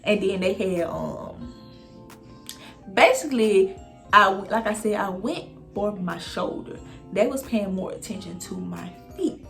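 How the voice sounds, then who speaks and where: A young woman recounts a story for her viewers in a loose, animated way, swearing freely and speaking straight to them. Her voice sits at a middle pitch, and faint music plays underneath. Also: a little slow, creaky. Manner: animated, profane, addresses viewers directly. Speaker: vlogger telling a story. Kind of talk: casual storytime monologue.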